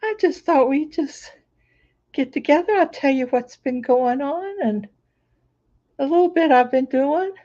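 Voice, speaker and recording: Chatty hoarse woman, high and slow, mellow tone, live on a laptop. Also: dull audio. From Florida. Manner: chatty, greets viewers by name. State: hoarse, recovering voice. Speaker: crafting channel host. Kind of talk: casual livestream chat. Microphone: laptop microphone.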